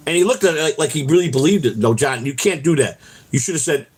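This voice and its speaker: This vlog host talks fast in a fairly high voice that's slightly rough. He's out walking, telling loose, profane stories and tagging his sentences with "man."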